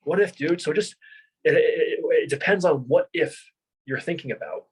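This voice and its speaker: A man's voice: on the high side, normal speed, husky, poor audio. A young man, a martial arts instructor, talking casually in an interview and telling stories with lots of repeats and restarts. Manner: animated storyteller, many repeats and restarts.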